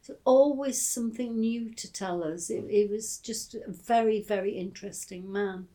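Older woman, from England, oral history interview, halting speech, many fillers, fond storytelling. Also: mid-range voice, mellow. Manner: hesitant, many fillers and restarts.

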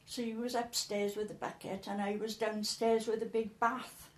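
A woman's voice: a little high, flat delivery, moderate pace, echoey room. An older woman, telling stories in an interview in a chatty way, often repeating words as she recalls. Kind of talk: casual storytelling.

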